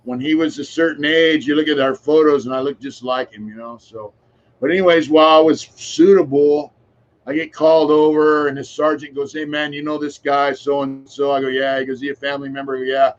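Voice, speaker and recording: A man's voice: a little high, fairly even intonation, fairly quick, muffled recording. A man around sixty, a podcast guest, tells long casual stories in a frank, rambling way with plenty of filler phrases and the odd curse. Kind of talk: casual conversational storytelling.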